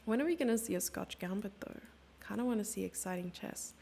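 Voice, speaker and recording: A woman's voice: medium pitch, brisk, gravelly, mellow, slight background noise. A woman from Germany giving casual, self-mocking live chess commentary, chatting with her viewers and thinking aloud over the moves.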